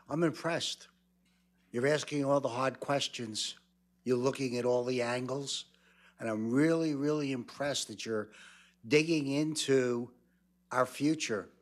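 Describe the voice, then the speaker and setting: A man giving an earnest, measured public comment at a county board meeting, speaking into a podium microphone. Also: mid-range voice.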